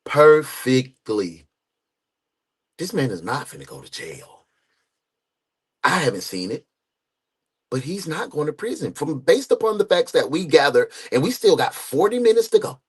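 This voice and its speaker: Man, reaction stream host, fairly high voice that swings widely, animated chat with viewers. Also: a little slow, long pauses, slightly rough. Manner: animated, greets chat members and reads comments aloud. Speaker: host of a live true crime reaction stream. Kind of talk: casual live reaction chat.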